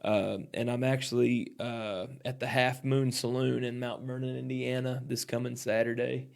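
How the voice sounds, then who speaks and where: A man, a guest on a podcast, talking in a relaxed, laid-back way. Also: medium pitch, normal speed, gravelly. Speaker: podcast guest, musician and performer. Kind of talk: casual chat.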